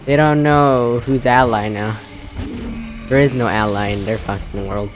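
Young guy cussing his way through gameplay commentary, slow drawl, game music behind. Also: mid-range voice. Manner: profane, excitable, laughing, slangy.

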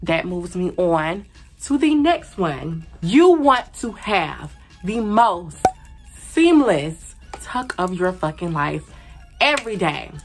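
A woman's voice: lowish voice, sing-song, takes it slowly, soft background music. A young woman giving blunt, slangy, sassy advice in a casual vlog, repeating her points for emphasis. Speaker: beauty and advice vlogger.

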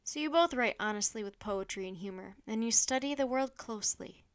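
A woman voicing a wise, calm Roman emperor, speaking in a slow, measured, stately way. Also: a little high, natural voice.

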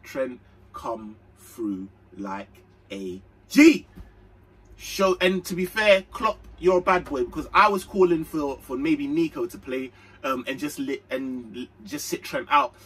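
A young man giving a casual, slangy, excitable football match reaction. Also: medium pitch, unhurried, husky, recorded from a distance, poor audio. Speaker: fan channel host.

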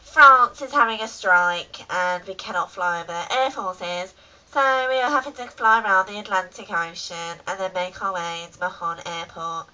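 A woman's voice: mid-range voice, normal speed, sharp tone, lo-fi sound. A woman imitating an airline captain giving a formal in-flight announcement.

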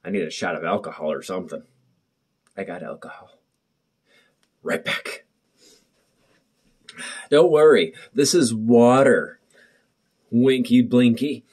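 A young man chats to the camera from his bathroom at home, jittery and jokey, circling back to the same worries. His voice is husky and middle-pitched. The sound is muffled, as if caught by the camera's own microphone. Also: lively intonation, takes it slowly, long pauses, darkish tone. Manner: nervous, rambling, jokey. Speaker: vlogger. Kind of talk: casual chat to camera. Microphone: built-in camera mic, muffled.

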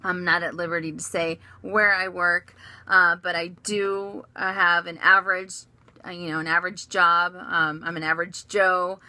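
Giggly, lower-pitched woman chatting. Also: level tone, normal speed, sharp tone, dry recording. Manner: chatty and giggly, many fillers and restarts. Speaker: vlogger answering viewer questions. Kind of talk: casual chat.

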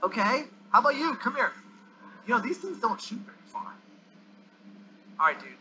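A male gamer giving excitable commentary as he plays, yelping and groaning at the game. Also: very high voice, normal speed. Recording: dull lo-fi recording with faint hiss.

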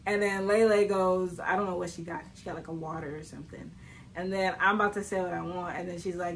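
A woman's voice: on the low side, fairly quick, slight background noise, low-quality recording. A young woman, chatting casually to camera as a vlogger, telling stories with lots of fillers and frequent laughter. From Southern United States. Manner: chatty storytelling, laughs often, many fillers.

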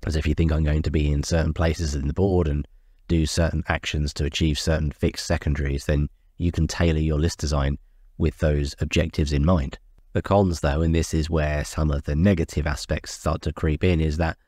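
Host, male, very low voice, nursing a cold, earnest explainer, dry close mic. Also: warm tone, no echo. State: has a cold. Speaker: YouTube host. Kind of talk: tabletop strategy talk.

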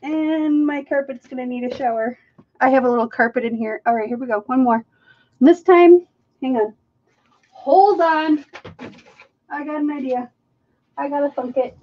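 A woman with a high voice talks at a moderate pace, pausing often, as she hosts a live painting stream from a carpeted art room at home. She chats casually with viewers, laughs a lot, and pokes fun at herself, all in dull lo-fi stream audio with slight background noise.

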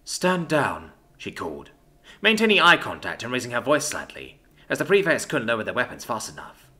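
A man narrates a science fiction story in a bright, forceful voice. His pitch moves in a lively, animated way, and he reads in an expressive, scripted manner. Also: fairly quick.

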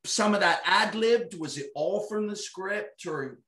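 A man's voice: high-pitched, measured pace, bright, forceful tone. A man interviewing a guest, asking casual questions with many restarts and fillers. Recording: echoey room, voice distant from mic.

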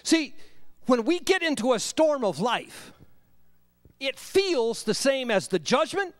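A man preaching a sermon in church, swinging between loud emphatic lines and hushed low asides. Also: no room sound. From Southern US. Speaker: pastor.

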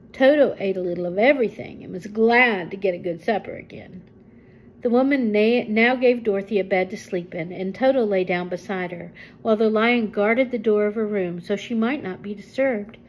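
An older woman reading a children's book aloud to a listener, with gentle chatty asides. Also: medium pitch, a little hiss or hum, rough recording. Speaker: storyteller.

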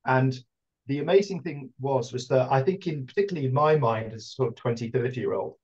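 A man's voice: mid-range voice, a little mellow, breathy edge, muffled recording. A man, earnestly telling a story in a panel discussion, his speech full of hedging fillers. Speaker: round table guest.

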